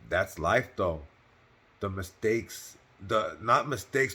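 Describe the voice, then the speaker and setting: A man's voice: deep voice, a bit bright, slight background noise. A man casually telling a personal story on his channel, in loose slang with cursing and lots of fillers, earnest and heartfelt.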